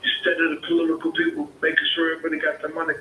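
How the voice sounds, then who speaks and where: Heated male caller, bright and slightly high voice, profane and repetitive, heard over a roomy phone line with faint hiss. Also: monotone, rapid-fire. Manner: swearing, repetitive, argumentative. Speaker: caller, homeowner. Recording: echoey phone call with faint noise.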